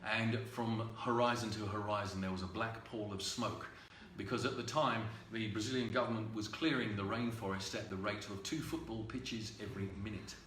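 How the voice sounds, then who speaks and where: A man, a singer-songwriter, telling a halting, unhurried story full of ums and uhs before a song at a livestreamed home concert. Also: on the low side, fairly even intonation, a bit bright, roomy sound, far from the mic, a little hiss or hum.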